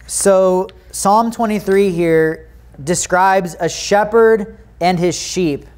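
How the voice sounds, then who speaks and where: High-voiced American pastor preaching. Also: male voice, slow, darkish tone. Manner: earnest, conversational preaching with prayer and scripture reading. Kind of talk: sermon. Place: church sanctuary.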